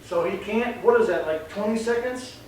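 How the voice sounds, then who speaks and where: A man's voice: sits high, moderate pace. A man working as a dog trainer, explaining in a chatty, rambling way and acting out voices. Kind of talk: casual explanation on camera. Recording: very echoey, distant mic, faint noise.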